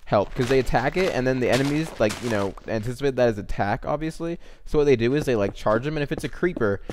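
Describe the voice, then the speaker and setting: Young guy talking thru his game, rambly, gets all excited, bit of hiss behind. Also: mid-range voice. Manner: chatty and rambling, quick excited exclamations. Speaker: gamer commentating his own play. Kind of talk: casual let's-play commentary.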